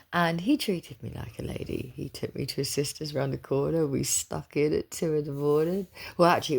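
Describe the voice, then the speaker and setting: A woman's voice: a bass voice, darkish tone. A woman chatting in a rambling, confiding way, telling a personal story as a spiritual reader. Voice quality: gravelly and husky.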